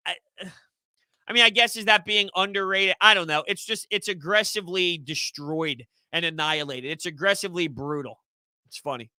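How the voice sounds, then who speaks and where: A young man chats through a sports live stream, rambling between viewer comments and laughing easily. His voice is high and very bright, with a clean, crisp tone. The sound is dry and close. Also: no room sound. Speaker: sports YouTube host.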